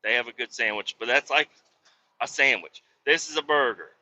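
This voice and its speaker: This is a casual storytelling monologue from inside a truck cab, where a Kansas City man tells meandering, foul-mouthed tales at his own expense. His medium-pitched voice moves at a normal speed, bright and forceful, with no echo.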